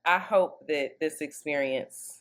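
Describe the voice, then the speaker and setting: A woman's voice: deep voice, unhurried, a bit bright. A woman co-hosting a podcast in casual chat, talking in a slangy, playful, emphatic way. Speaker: podcast co-host.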